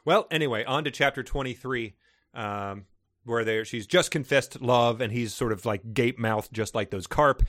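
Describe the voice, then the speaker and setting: A man's voice: mid-range voice, moderate pace, fairly bright tone, dry recording, studio quality. A man co-hosting a casual comedic podcast, reading book passages aloud and sarcastically riffing on them. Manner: sarcastic, reads passages aloud then riffs. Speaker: podcast co-host.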